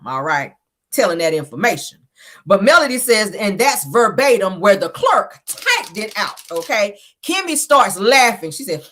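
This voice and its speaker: A woman hosting a casual gossip recap, sassy and animated, laughing often and acting out quotes. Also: fairly high pitch. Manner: thanks viewers for stickers mid-talk. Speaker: reality TV recap host.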